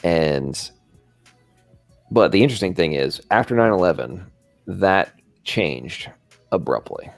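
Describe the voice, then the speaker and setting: A man's voice: sits low, expressive, takes it slowly, gravelly, pauses often, dry recording, faint music behind. A man with an American accent who grew up in England, hosting a live stream and telling a rambling story, often tagging his lines with "right?". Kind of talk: casual chat, storytelling.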